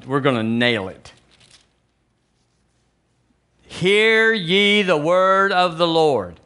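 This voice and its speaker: A middle-aged male pastor with a Southern American accent, preaching a sermon with slow, emphatic repeats and calls for the congregation to say it with him. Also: mid-range voice, a bit bright.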